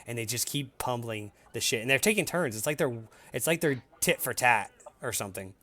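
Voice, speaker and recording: A man's voice: medium pitch, lively intonation, brisk, pushed and bright. A man narrating a tabletop game as game master in a loose, profane, joking way.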